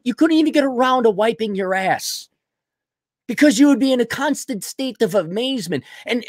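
A man's voice: high voice, no echo, clean studio sound. A man in his thirties hosting a podcast, rambling and sarcastic in casual livestream commentary. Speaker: podcast host.

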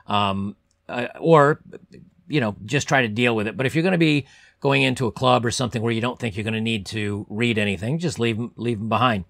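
A young man talking to camera as a channel host, giving rambling advice with lots of ums and repeated words, keeping his voice deliberately pressed low. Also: vocal fry, fairly bright tone, dry recording, studio quality. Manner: deliberately lowered, pushed-down voice. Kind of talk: casual advice monologue to camera.

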